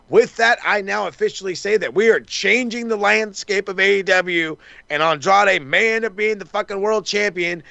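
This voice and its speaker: A man's voice: on the high side, creaky, pushed and bright, no echo. A man co-hosting a wrestling podcast, rambling through a casual recap, swearing freely and acting out the wrestlers' lines. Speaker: podcast co-host.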